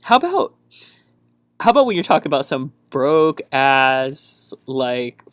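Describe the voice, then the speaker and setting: A man's voice: medium pitch, sing-song, a little slow, no room sound, studio quality. A young man from the American South rambles on a solo podcast, chatty and hyper on a caffeine buzz. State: wired on caffeine. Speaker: podcast host.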